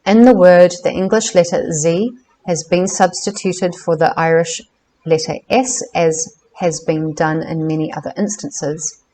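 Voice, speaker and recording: A woman reading a book aloud in a careful, measured way, now and then correcting herself on hard names. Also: fairly low pitch, steady tone, mellow, rough recording. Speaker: reader of a book.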